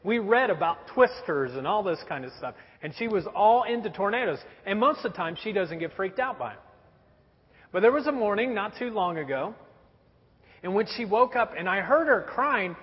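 A man in his thirties preaching a sermon, telling stories about his young children in a lively storytelling way. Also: high voice, normal speed, husky. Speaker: pastor. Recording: dull recording in a reverberant hall.

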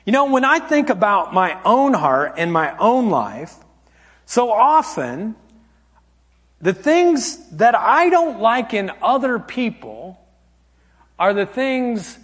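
A man preaching a sermon as pastor, telling a family story with animated swings from loud acted quotes to hushed, soft tones. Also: high voice, slow pace, long reverb tail. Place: church hall.

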